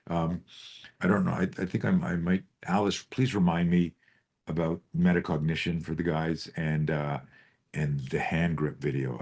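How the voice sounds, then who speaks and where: Profane, animated self-defense coach, lowish voice. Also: male voice. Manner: profane, animated storytelling with rhetorical questions. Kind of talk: live group coaching call.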